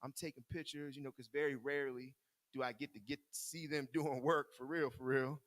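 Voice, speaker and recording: A man's voice: medium pitch, steady tone, a little fast, fairly bright tone, no echo. A man telling a personal recovery story to a group in a casual, candid way. He laughs often and repeats words while he searches for what to say. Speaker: speaker in recovery sharing his story.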